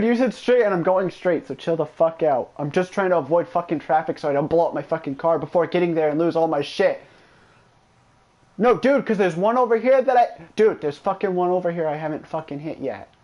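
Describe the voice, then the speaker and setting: Here's a man whose voice sits on the high side, moving a little fast as he streams a game. He keeps things casual, swearing heavily and trash-talking a friend in an excitable, profane way while commenting on the gameplay.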